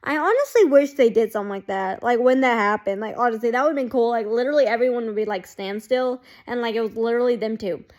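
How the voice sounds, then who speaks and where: A woman's voice: on the high side, animated, fast talker, hardly any pauses, a little mellow, muffled recording. A woman chatting casually to her camera as a fan vlogger, rambling and saying "like" constantly. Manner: rambling, heavy use of "like", chatty. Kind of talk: casual chat.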